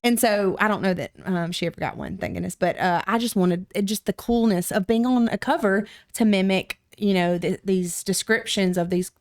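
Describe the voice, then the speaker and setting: A young adult woman, a podcast guest, telling a story in a lively, casual way and acting out quotes with sudden jumps in pitch. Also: moderate pace, hardly any pauses.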